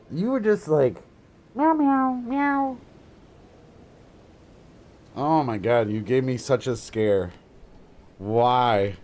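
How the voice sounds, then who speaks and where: A man streaming live, chatting casually and telling stories with lots of swearing and frequent laughter. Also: on the high side. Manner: animated, swearing storyteller who laughs often.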